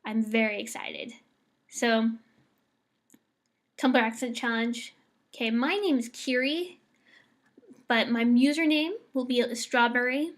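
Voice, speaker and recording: A woman's voice: on the high side, takes it slowly, pauses often. A young woman from the United States in a casual, bubbly vlog, reading words for an accent challenge. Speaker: vlogger.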